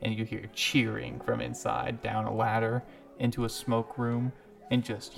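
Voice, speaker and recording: A man's voice: mid-range voice, monotone, a little slow, vocal fry, soft background music. A man running a tabletop game as game master, narrating loosely with frequent laughs.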